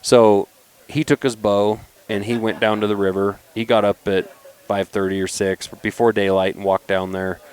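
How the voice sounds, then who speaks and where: A man in his forties with a fairly low-pitched voice, talking easily as a podcast guest. He tells stories with lots of life, slipping into the voices of the people he quotes. The delivery is loose and conversational, with natural restarts. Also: moderate pace, smooth. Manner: animated, acts out quoted voices when telling stories. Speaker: knife company founder, podcast guest. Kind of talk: casual storytelling chat.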